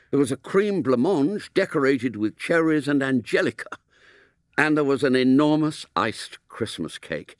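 A man reading a story aloud in an expressive, mock-solemn way. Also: mid-range voice, dry recording, studio quality. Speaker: narrator.

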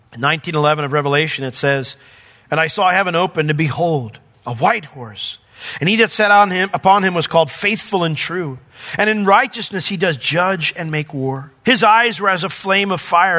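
A man preaches a sermon in a conversational, emphatic way, building to raised exclamations and then dropping to near hushes. His voice is bright and forceful and sits a little high. The sound rings with the long reverb of a church hall. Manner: emphatic, conversational preaching with sudden drops to quiet. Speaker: pastor.

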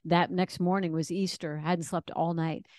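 Woman, author guest, vivid and earnest storyteller, slightly low pitch, dry recording. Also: level tone, normal speed, a little mellow, no echo. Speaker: author and radio host. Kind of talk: faith interview, personal testimony.

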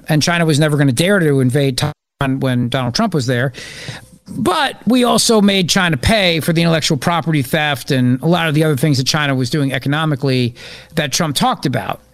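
A man hosting a political talk radio show, riffing sarcastically on the news. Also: a little high.

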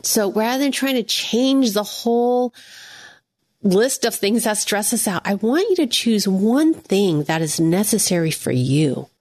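A woman giving an earnest devotional teaching, speaking gently to the listener as a friend. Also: mid-range voice, animated, a little slow, no echo, clean studio sound.

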